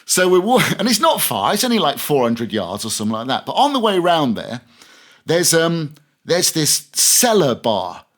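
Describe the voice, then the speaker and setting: A veteran radio presenter, a man with a slightly high voice and wildly swooping pitch, tells anecdotes at a moderate pace in a casual podcast interview. He's chatty, restarts often, and laughs through his stories.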